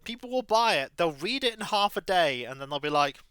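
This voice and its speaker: A man streaming a game, chatting casually and telling stories in an animated, chatty way. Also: sits high, brisk, clear, resonant tone, no echo, studio quality. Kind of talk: casual chat while playing a game.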